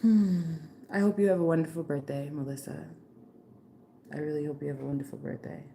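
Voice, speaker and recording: A tarot reader with a lowish, gravelly, warm voice does a live reading for viewers at a brisk clip and in a steady tone. Her speech is loose, slangy, and playful, packed with "like" and "okay," with a faint hiss behind her.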